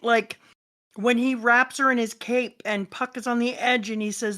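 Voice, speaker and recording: A woman's voice: fairly high pitch, fairly even intonation, moderate pace, pushed and bright. A middle-aged woman co-hosting a casual chat, talking earnestly with wry emphasis. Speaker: co-host.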